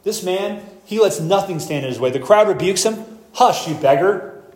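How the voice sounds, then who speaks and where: A pastor preaching an expository sermon, explaining scripture verse by verse and reading passages aloud slowly. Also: male voice, high voice, animated, darkish tone, reverberant, low-quality recording.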